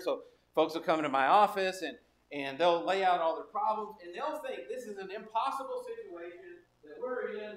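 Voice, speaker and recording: A man's voice: sits high, bright, forceful tone. A man preaching a sermon as pastor, in a conversational storytelling manner with asides and restarts.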